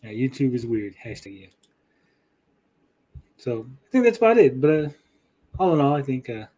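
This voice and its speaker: A man hosting a podcast in casual chat, swearing freely and talking with pauses. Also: medium pitch. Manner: chatty, swears often, lively swings in loudness; speaks with pauses. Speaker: podcast host and YouTuber.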